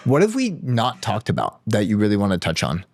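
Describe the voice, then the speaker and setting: Deep-voiced male podcast host. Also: huge pitch swings, fairly quick, darkish tone, a little hiss or hum. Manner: casual, encouraging, swears freely. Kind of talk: interview questions.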